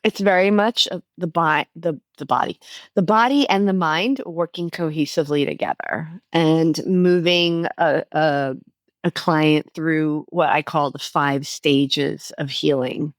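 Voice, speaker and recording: A woman with a fairly low voice, earnestly explaining her healing method as a podcast guest. She talks in a clear, instructive way and grows animated when making a point, and the recording is close and dry. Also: a little slow, dry recording. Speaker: guest, inner child healing coach.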